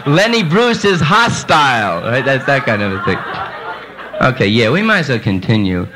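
Male club comic, loose improvised patter, lively pitch, heard on a noisy vintage tape. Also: normal speed, crowd noise. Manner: rambling, improvised banter with the audience. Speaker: stand-up comedian. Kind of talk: live stand-up set. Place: nightclub stage before an audience. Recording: hissy old live tape.

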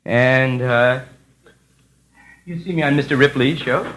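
A man's voice: mid-range voice, a little slow, a bit bright, low-quality recording. A man doing stand-up in a club, rambling, confessional and riffing with the crowd. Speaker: stand-up comedian. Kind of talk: live stand-up comedy. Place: nightclub stage with audience.

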